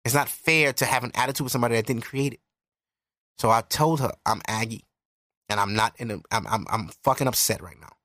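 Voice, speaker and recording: A man's voice: medium pitch, a little fast, sharp tone, no room sound, studio quality. A young man hosting a podcast, giving candid, profane relationship advice in a casual monologue. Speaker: podcast host.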